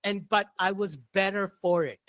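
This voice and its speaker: High-voiced man, blunt and emphatic. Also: moderate pace, fairly bright tone, no room sound. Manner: blunt, emphatic storytelling with slang. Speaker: guest, entrepreneur. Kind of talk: casual podcast conversation.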